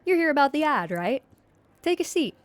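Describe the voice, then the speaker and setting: A woman's voice: high voice, big pitch swings, normal speed, dry recording, voice pushed up. Woman putting on a chirpy pizzeria girl. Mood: welcoming. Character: friendly young woman at a pizzeria. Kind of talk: reading game dialogue aloud.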